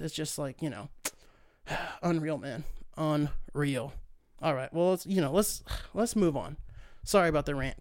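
A man's voice: on the high side, clear, resonant tone, no echo, studio quality. A young man hosting a solo podcast, ranting in a profane, sarcastic way. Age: young adult. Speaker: podcast host.

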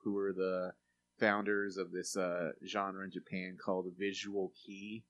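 A man's voice: sits low, unhurried, lo-fi sound. A man co-hosting a podcast, chatting loosely about films with lots of fillers. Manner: rambling, filler-heavy, animated when excited. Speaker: podcast co-host reviewing films. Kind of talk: casual chat.

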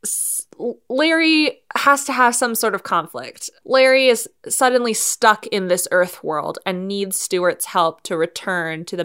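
A woman's voice: mid-range voice, fairly bright tone, smooth. A woman co-hosting a podcast, playfully making up a movie plot in a casual, giggly way. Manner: playful, giggly storytelling with many ums. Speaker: podcast co-host.

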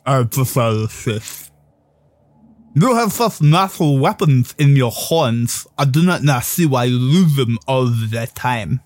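Brief: man playing a gruff, formal fist-fighting priest, slow delivery, dry close mic. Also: mid-range voice, lively intonation, darkish tone, no echo. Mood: solemn. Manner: slow, stiff and formal, gruff tough-guy drawl. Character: burly male warrior priest, martial-arts devotee, proud. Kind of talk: tabletop game role-play.

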